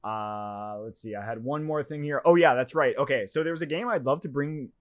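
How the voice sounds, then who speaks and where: A man's voice: medium pitch, normal speed, dry recording. A man co-hosting a podcast in casual chat, laid-back, swearing freely and laughing often. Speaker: podcast co-host.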